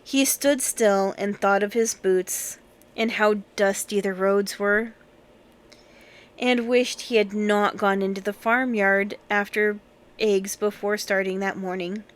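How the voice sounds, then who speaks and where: A woman reading a classic children's novel aloud in a measured storytelling manner. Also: mid-range voice, steady tone. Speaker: audiobook reader.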